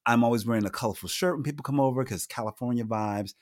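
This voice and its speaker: A man hosting a podcast in a playful, animated casual chat, often restarting his sentences. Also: mid-range voice, fast. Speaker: podcast host.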